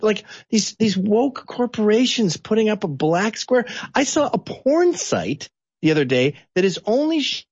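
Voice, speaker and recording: A man from Canada giving blunt, animated political opinions as an interview guest. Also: a little slow, slightly rough, dry recording, lo-fi sound. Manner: blunt, animated, sweeping pitch swings.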